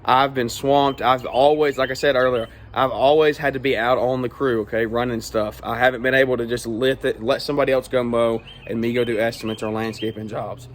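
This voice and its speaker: A man's voice: medium pitch, steady tone, brisk, hardly any pauses, a little hiss or hum. A man who owns a small lawn care business, giving straight-talking advice in a casual vlog and tagging his points with "all right?" and "okay?".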